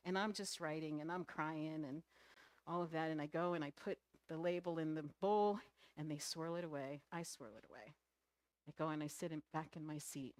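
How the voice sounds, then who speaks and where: Expressive woman minister telling a story. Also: lowish voice, no echo. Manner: animated personal storytelling, emotional swings. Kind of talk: sermon storytelling.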